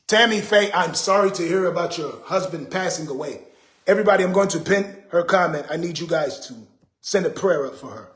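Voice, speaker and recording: A man's voice: sits high, fairly quick, fairly bright tone. A man hosting a casual livestream, talking in an exasperated, preachy way to his viewers. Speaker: livestream host. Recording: roomy echo.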